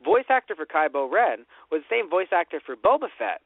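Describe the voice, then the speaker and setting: A man's voice: high-pitched, big pitch swings, fairly quick, no room sound. A man co-hosting a casual podcast chat, rambling and slipping into brief mock voices. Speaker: podcast co-host. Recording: dry, phone-like lo-fi audio.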